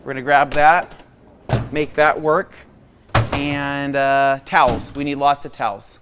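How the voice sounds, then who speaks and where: A man's voice: mid-range voice, little pitch movement, slow, noisy background. A man hosting a live product demonstration, talking casually and playfully and often checking in with "right?". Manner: playful, keeps asking "right?". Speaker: host. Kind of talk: casual live demo chat.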